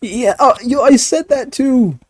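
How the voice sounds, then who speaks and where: A man chatting casually and swearing freely. He stammers through restarts and laughs easily, and his voice is warm and mellow. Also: very high voice, unhurried. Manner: rambling, stammering, profane, laughing. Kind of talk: casual chat.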